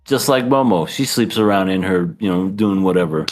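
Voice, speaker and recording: A man's voice: low voice, lively intonation, normal speed, soft background music. A man co-hosting a podcast in casual chat, laughing often and acting out scenes. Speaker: podcast co-host.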